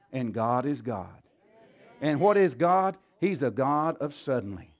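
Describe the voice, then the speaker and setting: A man preaching a sermon in a church, moving from calm storytelling to loud, fervent repeated calls to the congregation. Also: a little high. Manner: builds from calm storytelling to shouting fervor, repetitive calls.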